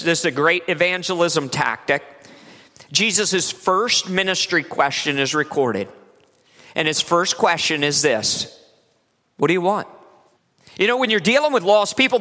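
A man from Virginia, preaching a sermon in a lively, conversational way in a church. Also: high voice. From West Virginia. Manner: lively, conversational preaching with laughs and acted asides. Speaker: pastor. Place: church sanctuary. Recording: long hall reverb.

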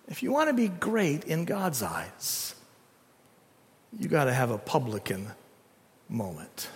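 A man preaching a sermon in a church, dramatic, swinging from loud emphasis to hushed tones. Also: medium pitch, very animated, slow pace, long pauses. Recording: long reverb of a hall.

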